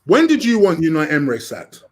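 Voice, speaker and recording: A man's voice: on the high side, huge pitch swings, brisk. A man co-hosting a football chat, teasing his partner and swearing with sarcastic jabs. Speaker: co-host.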